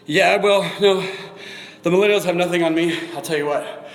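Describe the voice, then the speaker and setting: A man's voice: high-pitched, moderate pace. Chatty man working out, echoey room. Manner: chatty, swears, breathing heavy between sets. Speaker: fitness vlogger. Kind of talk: live-streamed workout chat. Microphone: phone camera. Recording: echoey room with long reverb.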